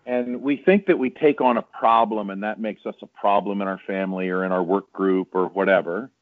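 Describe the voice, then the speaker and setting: A man's voice: on the low side, steady tone, brisk, dry recording. Earnest man on a tinny phone line. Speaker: guest. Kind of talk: reflective conversation.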